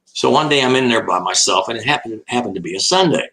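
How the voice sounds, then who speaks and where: A man's voice: mid-range voice, animated, fast, bright, forceful tone, low-quality recording. An older man, an animal educator, telling a long anecdote as an interview guest, laughing often and acting out the voices in his story.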